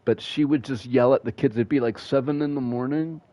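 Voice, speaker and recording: A mid-range, dark-toned male voice, moving fairly quickly, with no echo. He streams a game and casually tells rambling, profane stories he finds funny himself, heard through a dull, dry home mic.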